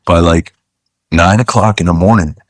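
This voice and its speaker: This man's voice sits low and moves at a moderate pace, captured in a dry recording. He's a charter fishing captain from Florida, relaxed and easygoing, peppering his casual stories with "dude" and "you know" while acting out people's quotes.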